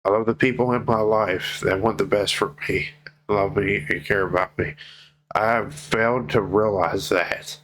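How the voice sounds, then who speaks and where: Man, very low voice, tearful vlogger, heartfelt and profane, slow earnest emphasis. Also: fairly even intonation, a bit bright, low-quality recording. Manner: heartfelt, swears freely, slow pleading emphasis. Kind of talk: emotional personal vlog.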